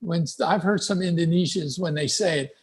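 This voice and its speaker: A man with a Southern American accent speaks as guest speaker in a live online English class, easygoing and conversational. His voice is a little husky and sits fairly high for a man. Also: a little fast. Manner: relaxed and conversational, frequent "you know".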